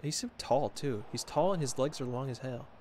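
Mellow and mid-range, the man's voice moves at a moderate pace against a faint hiss or hum. He's a gaming streamer doing casual live commentary, making sarcastic, self-mocking remarks about his play and responding to his chat.

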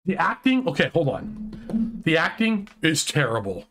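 A fairly high-voiced man talks in a relaxed online chat. He gets excitable and animated, tripping over restarts as he rants. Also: unhurried, soft background music. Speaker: podcast co-host. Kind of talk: casual chat.

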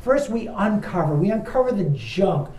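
A man, a pastor, leading a Bible study in a loose, animated teaching style and asking a helper to read verses aloud. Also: sits high, moderate pace, a little hiss or hum, poor audio. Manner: animated, talks straight to listeners and asks a helper to read verses.

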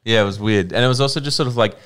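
A young man, animated and laughing often in casual podcast chat. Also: medium pitch, racing, clear, resonant tone. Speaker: podcast co-host.

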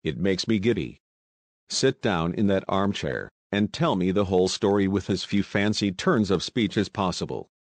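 A man's voice: deep voice, lively intonation, moderate pace, no room sound. A man reading the part of a determined young woman who questions people firmly and impatiently.

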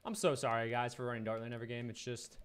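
A man's voice: medium pitch, little pitch movement, fast, smooth. A young man at home chatting casually and rambling while streaming a video game. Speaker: gaming streamer. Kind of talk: casual livestream commentary.

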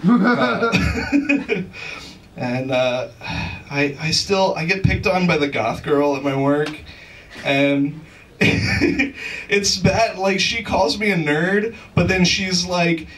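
A man's voice: high voice, slow pace, fairly bright tone, recorded from a distance, low-quality recording. A man doing a stand-up comedy set on a club stage, rambling with lots of fillers and laughing at his own jokes. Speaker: stand-up comic.

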